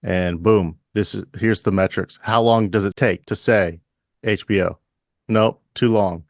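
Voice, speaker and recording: A man co-hosting a podcast, chatting casually and riffing in a deadpan mock-announcer manner. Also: low-pitched, moderate pace, no room sound, studio quality. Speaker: podcast co-host.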